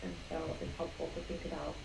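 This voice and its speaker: A woman in a meditation group sharing reflectively over a video call, pausing often as she searches for words. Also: low voice, level tone. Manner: reflective, hesitant, with fillers. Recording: echoey room with clear background noise.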